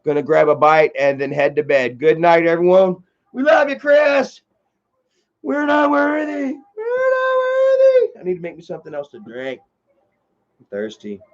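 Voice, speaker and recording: A man's voice: fairly high pitch, very animated, normal speed, lo-fi sound. A man hosting a livestream, chatting casually and reading out viewer comments in a rambling way with many filler sounds. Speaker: livestream host.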